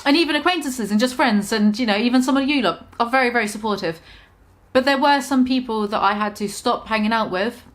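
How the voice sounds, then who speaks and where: A young British woman vlogging casually, talking frankly and with self-mocking humour about staying sober. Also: medium pitch. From Britain. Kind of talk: casual confessional vlog.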